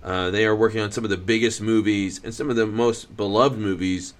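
A man's voice: fairly low pitch, steady tone, a little fast. A man in casual film-podcast chat, rambling with lots of fillers and restarts. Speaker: podcast co-host.

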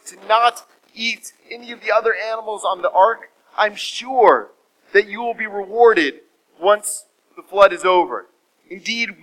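A man putting on a patient, earnest Noah who keeps coaxing and pleading, his voice pitched higher and brighter than usual. He pushes each plea with a lift in the voice. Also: rough recording.

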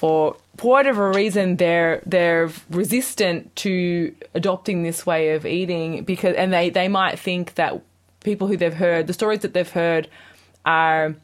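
A woman's voice: on the low side, unhurried. A woman hosting a podcast interview, asking long, earnest, emotional questions. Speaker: podcast host. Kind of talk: conversational interview.

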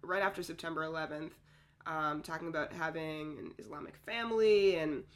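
A woman in her thirties with a Canadian accent, a comedian guest chatting playfully in an interview. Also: deep voice. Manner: playful, quick jokes and goofy voices. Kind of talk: casual interview chat.

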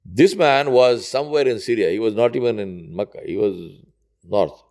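Man, low voice, storytelling sermon, conversational, pitch jumps up for quoted lines. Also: normal speed, darkish tone. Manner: conversational, rising high when quoting characters. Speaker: Islamic preacher.

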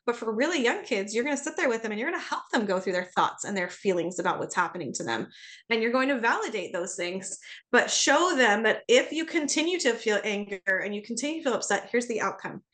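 A middle-aged woman, a parenting coach, chatting on a podcast and telling stories with lively acted-out dialogue. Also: on the high side, fast. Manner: animated storyteller, acts out dialogue. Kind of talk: casual podcast conversation.

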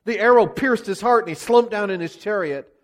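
A man's voice: sits high, brisk. A male preacher delivering a sermon, retelling scripture as vivid, dramatic storytelling. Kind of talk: expository sermon.

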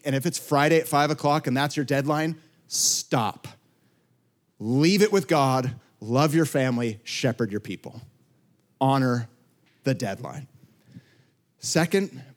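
A man in his forties, a pastor, giving a conversational talk to other pastors with lively storytelling asides. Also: a little high, moderate pace.

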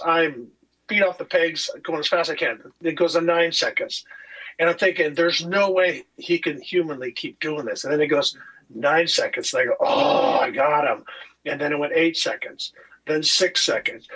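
A man from California, a former motocross racer, telling racing stories in a casual podcast chat, animated and swearing freely. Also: on the high side, husky, poor audio. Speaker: guest, retired motocross racer.

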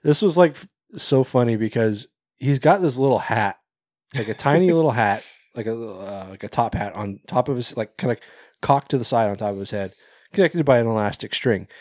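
A man's voice: medium pitch, animated, brisk, a little mellow, no echo, clean studio sound. A man co-hosting a podcast, recapping a horror movie in casual chat, rambling, swearing and laughing often. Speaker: podcast co-host.

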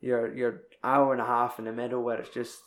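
A man's voice: mid-range voice, flat delivery, fairly quick. A young man in casual chat, recapping a film in a rambling, sweary way. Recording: echoey room.

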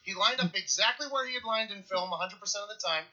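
A man in his thirties from Pittsburgh, telling a story in casual podcast chat, animated and profane, getting loud at the punchlines. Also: sits high, quick pace, lo-fi sound. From Pittsburgh, USA.

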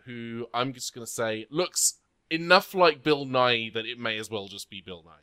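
A man's voice: mid-range voice, normal speed, background noise. A man playing a tabletop game, chatting casually and hesitantly, often restarting his phrases. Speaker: player.

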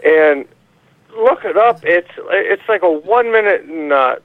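Rambling profane caller on a tinny phone. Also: male voice, high voice, expressive, no echo. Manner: rambling, profane, halting with many fillers. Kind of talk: call-in rant. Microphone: phone call.

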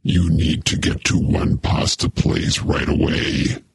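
A gravelly whispering mystery caller. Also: male voice, rumbling low, level tone, slow pace, dry recording, heavily acted. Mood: urgent. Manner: urgent, secretive. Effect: phone call. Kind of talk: audio drama acting.

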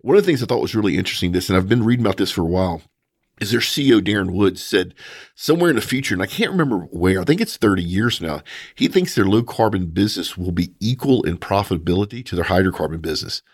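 A man with a fairly low voice talks through energy news in a casual, opinionated way and often throws in mocking asides. His voice sounds dry and close to the mic, with no room in it. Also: lively intonation, fast, breathy edge, no echo. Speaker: podcast host.

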